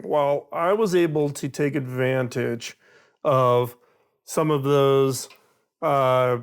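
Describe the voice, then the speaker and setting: A middle-aged man giving an animated storytelling talk on innovation, acting out quoted dialogue. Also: on the high side, vocal fry. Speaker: speaker on innovation.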